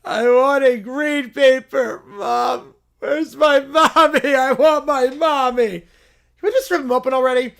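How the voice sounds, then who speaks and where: Spoiled little princess, put on by a reader; high, shrill, demanding, with tantrum shouts. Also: a little slow, vocal fry, heavily acted. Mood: whining.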